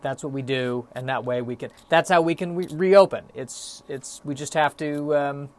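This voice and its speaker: A young man with a slightly high voice hosts a solo podcast at a moderate pace, rambling through a monologue. He muses in a stop-start, self-deprecating way, using lots of fillers and sounding a bit out of breath.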